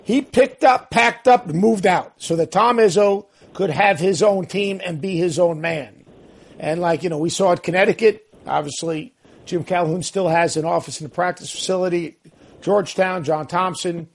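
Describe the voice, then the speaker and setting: A man's voice: fairly high pitch, vocal fry. A man co-hosting a casual basketball talk show, telling stories in an emphatic way. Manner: emphatic, storytelling. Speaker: basketball analyst and co-host.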